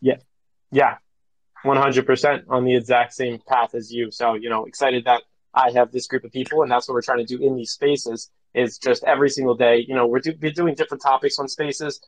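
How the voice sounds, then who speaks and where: Young man in his twenties, host of a casual audio chat, quick and promotional, dry sound. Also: medium pitch, level tone, no echo, rough recording. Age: 20s. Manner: fast, upbeat and promotional.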